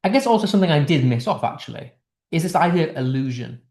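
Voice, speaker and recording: A man's voice: on the high side, lively intonation, quick pace, a little mellow, roomy sound. A man teaching English literature in a casual online lesson, explaining a text line by line in a chatty way with restarts, from the United Kingdom.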